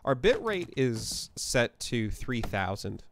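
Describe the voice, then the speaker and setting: A man's voice: mid-range voice, sing-song, takes it slowly, a little hiss or hum. A man chatting casually as he livestreams a game from his apartment, thinking aloud and often correcting himself. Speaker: live streamer. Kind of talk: casual gameplay livestream chat. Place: apartment room.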